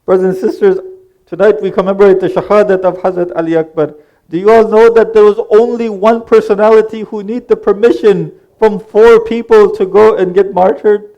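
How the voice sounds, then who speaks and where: A man with a high voice delivers an earnest religious sermon. He speaks straight to the congregation, recounting the story and giving each character's lines as quoted dialogue. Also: level tone, a little fast, warm tone, lo-fi sound. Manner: earnest, addresses the congregation directly; retells dialogue in quoted speech. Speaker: preacher.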